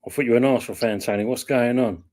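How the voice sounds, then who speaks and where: A man's voice: medium pitch, rapid-fire, darkish tone. A man hosting a casual football chat, easygoing and joking. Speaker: podcast host.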